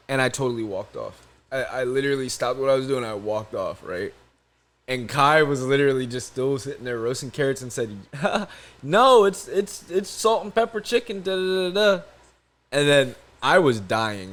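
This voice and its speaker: A man's voice: mid-range voice, a bit bright. A young man co-hosting a podcast, telling a story in casual chat, profane and laughing often. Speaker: podcast co-host.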